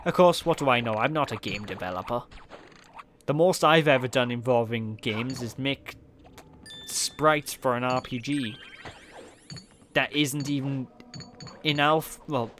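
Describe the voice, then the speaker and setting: A man's voice: mid-range voice, a little slow, pauses often, fairly bright tone, slight background noise. A man with a Welsh accent giving casual, rambling, self-mocking commentary while playing a video game. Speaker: let's play commentator. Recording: game music playing behind. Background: game music.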